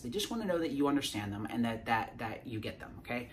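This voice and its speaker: A man of middle pitch talks through sales advice in a loose, conversational teaching style. He keeps tagging his points with "right?" and doubles back on his words as he goes. A faint hum of room noise sits underneath. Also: animated, fast talker, hardly any pauses. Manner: keeps checking in with "right?", frequent restarts and repeated words. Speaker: sales coach. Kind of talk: casual teaching to camera.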